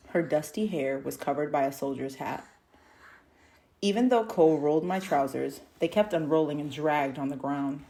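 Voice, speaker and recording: A woman reading a novel aloud in slow, measured scripted narration. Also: sits low, a little mellow. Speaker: audiobook reader.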